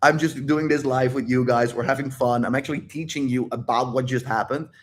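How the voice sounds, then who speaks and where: This dating coach, a man with a mid-range, steady voice that runs a little fast, hosts a livestream Q&A. He speaks directly to his viewers, emphatic and repetitive, swearing freely.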